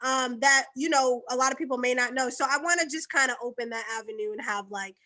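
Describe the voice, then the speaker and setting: Woman podcast guest from Boston, high bright voice, lively joking chatter. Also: quick pace. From Boston, USA. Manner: laughs easily, lively and joking. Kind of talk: casual podcast chat.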